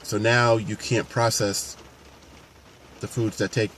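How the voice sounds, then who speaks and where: A man's voice: lowish voice, level tone, slow pace, fairly bright tone, a little hiss or hum. A man, a paramedic and fitness coach, talking earnestly and unscripted to camera with frequent restarts. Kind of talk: casual talk to camera.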